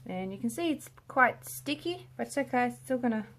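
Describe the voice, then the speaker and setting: A woman's voice: a little high, lively intonation, a little fast, a bit bright, slight background noise. A woman giving a chatty, murmured running commentary while she works on resin art at home, often trailing off mid-thought. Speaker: resin artist. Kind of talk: casual narration while working. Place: indoor home art studio with a window.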